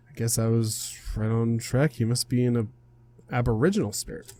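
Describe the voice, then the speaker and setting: A man's voice: medium pitch, normal speed, dark tone. Man reading a visual novel aloud. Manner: casual, stumbles over words, laughs and self-corrects. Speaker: game streamer reading aloud.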